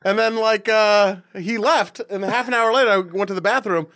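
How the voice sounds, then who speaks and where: A man hosting a casual comedy podcast from a studio, telling stories with laughs in an animated way. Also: high-pitched, moderate pace. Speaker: podcast host. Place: studio in Los Angeles.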